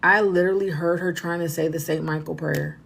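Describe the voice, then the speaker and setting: A woman's voice: fairly low pitch, fairly even intonation, brisk, vocal fry, slightly rough. Woman spiritual reader, loose livestream chat, rambles and repeats, speaks to the viewers directly. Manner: rambling, repeats herself, talks to viewers as "y'all".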